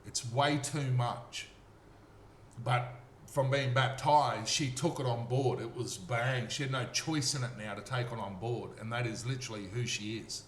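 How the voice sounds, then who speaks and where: A man's voice: mid-range voice, measured pace. A man with an Australian accent giving a rambling, earnest personal testimony and often checking in with his listener. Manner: earnest, repetitive, checks in with "okay?". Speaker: storyteller. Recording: roomy echo, faint noise.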